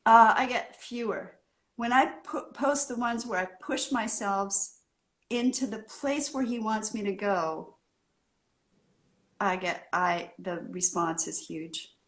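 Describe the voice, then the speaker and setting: Woman telling a lively story. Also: mid-range voice, slow. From California. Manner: animated storyteller who acts out the scene. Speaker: guest artist. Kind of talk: casual interview chat.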